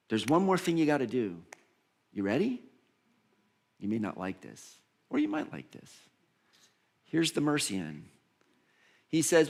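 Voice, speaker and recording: A man's voice: medium pitch, wildly swooping pitch, normal speed, gravelly, pauses often. A man preaching a sermon as minister, acting out the voices of Bible figures and laughing at himself along the way.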